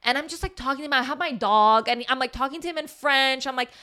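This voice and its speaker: A woman, co-hosting a podcast and telling a story in a lively, swearing, casual way, acting out the people she quotes. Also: high-pitched, fast talker, smooth. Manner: animated, swears, acts out quoted voices. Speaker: podcast co-host.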